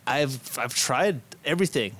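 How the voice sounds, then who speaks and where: A man's voice: mid-range voice, expressive, measured pace, fairly bright tone. A man co-hosting a casual podcast, easygoing and slangy, swearing freely. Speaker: podcast co-host.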